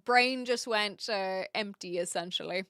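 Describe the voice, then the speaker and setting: A woman's voice: mid-range voice, a little slow, bright, forceful tone, no room sound, studio quality. A young woman livestreaming, chatting casually and rambling with lots of fillers while reacting to her chat. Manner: reads chat and reacts aloud.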